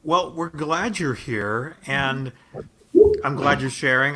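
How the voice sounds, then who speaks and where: A man's voice: medium pitch, measured pace, crowd noise. A man hosting a livestream chat over a video call, upbeat and reading viewer comments aloud. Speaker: host.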